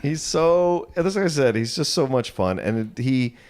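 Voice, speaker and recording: A man's voice: mid-range voice, expressive, darkish tone. A man co-hosting a film podcast, chatting casually, eagerly agreeing and jumping in with his own points. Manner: eager, agreeable, quick to chime in.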